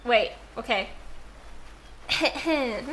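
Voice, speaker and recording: A young woman livestreaming a game from home, her voice high and bright. She reads the game text aloud and chats playfully with her viewers, often breaking into giggles, with faint noise under her voice. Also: drawn-out words. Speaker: streamer. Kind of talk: live-stream gameplay commentary, reading game text aloud.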